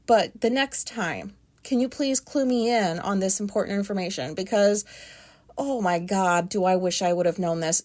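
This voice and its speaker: Chatty, rambling woman podcaster. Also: on the high side. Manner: chatty, rambling, frank and self-deprecating; loud talker. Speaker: podcast host. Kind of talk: casual solo podcast monologue.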